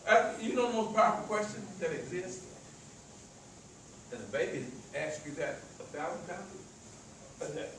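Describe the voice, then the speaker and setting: Before a live audience in an echoey event room, a man gives a motivational talk in a rural American country accent, stuttering and repeating words. His high-pitched voice is expressive and fairly bright, at normal speed with frequent pauses. The recording is very echoey, distant from the mic, with slight hiss or hum.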